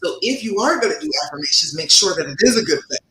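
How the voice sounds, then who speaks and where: A woman's voice: on the low side, animated, fast, a bit bright, reverberant, a little hiss or hum, rough recording. A woman relationship coach hosting a live-stream advice session, speaking emphatically, laughing often and calling her viewers by name.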